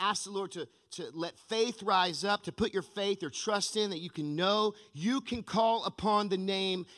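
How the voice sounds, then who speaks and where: A man pastor giving an energetic, emphatic sermon in a church sanctuary, with a long church-hall reverb. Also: high-pitched.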